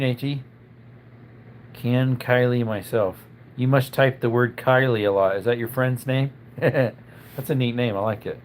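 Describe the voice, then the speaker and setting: A man's voice: medium pitch, slight background noise. A man, a little under the weather with a tickle in his throat, hosting a casual live stream and chatting through viewer comments.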